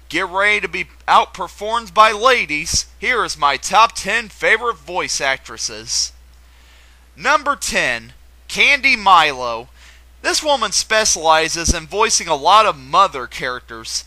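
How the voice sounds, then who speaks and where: A young man with a high, bouncing voice runs through a countdown with eager enthusiasm and playful asides. His tone is bright and sharp, recorded close in a dry, small room. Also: no room sound, low-quality recording. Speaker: video host. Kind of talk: countdown commentary.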